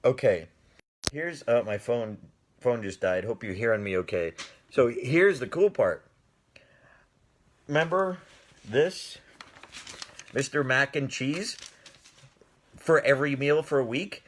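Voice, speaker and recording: A middle-aged man tells a personal story on a live stream, casual and animated, often laughing and answering viewers' comments. His mid-range voice moves at a slow pace with frequent pauses.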